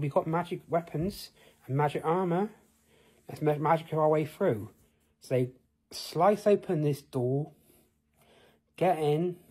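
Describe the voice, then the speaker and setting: A man's voice: fairly high pitch, darkish tone, husky. A man telling an improvised fantasy tale in a rambling way, asking the listener questions. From United Kingdom. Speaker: storyteller.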